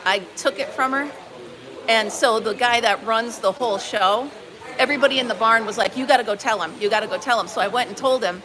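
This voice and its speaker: A woman from upstate New York hosting a live stream, telling a story in a casual, animated way and acting out quoted dialogue. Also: fairly high pitch, a little fast. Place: barn market booth. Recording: busy crowd noise behind.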